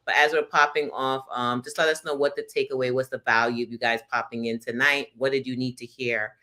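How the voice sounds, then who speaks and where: Bright-voiced woman hosting a livestream call. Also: a bass voice, a little fast. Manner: animated, laughs often, rambling restarts. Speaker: host. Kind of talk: casual livestream talk. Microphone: video call.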